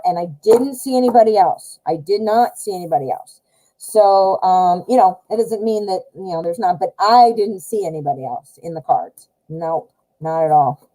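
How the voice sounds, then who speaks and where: American woman, live tarot host, chatty, very dark mellow voice, medium pitch. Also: rough recording. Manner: chatty, warm to chat, many fillers and self-corrections. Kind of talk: casual live-stream tarot reading.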